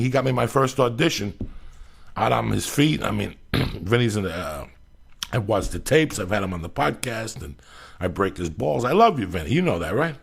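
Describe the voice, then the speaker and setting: A man's voice: lowish voice, creaky, slightly rough. A man hosting a podcast, chatting casually with his guest, swearing freely and piling on praise and questions. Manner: profane, effusive, rapid questions. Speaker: podcast host. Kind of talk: casual interview chat.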